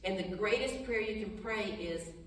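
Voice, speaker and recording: With a slight hiss or hum on the recording, a mid-range woman's voice sounds distant in a reverberant hall. She's leading Bible study, reading passages and stopping to explain them conversationally, with restarts and short laughs, then praying softly and slowly.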